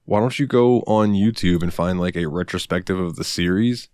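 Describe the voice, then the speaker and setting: A man's voice: sits low, normal speed, darkish tone, smooth, no echo, clean studio sound. A man co-hosting a podcast, chatting casually with crude jokes and frequent swearing. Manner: crude, joking, swears a lot. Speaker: podcast co-host. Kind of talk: casual chat.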